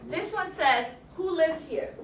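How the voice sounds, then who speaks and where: Slow, high-voiced woman teaching a class. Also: lively intonation. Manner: slow, deliberate, repeats example sentences and quizzes students. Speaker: ESL teacher. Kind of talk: classroom grammar lesson. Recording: echoey classroom, camera far off, faint noise.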